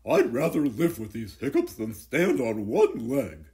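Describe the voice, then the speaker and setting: A fussy little storybook bird with hiccups, put on by a man, blurting each line loud and gravelly. The voice swoops widely in pitch and drags along slowly over a faint hiss. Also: huge pitch swings. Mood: complaining.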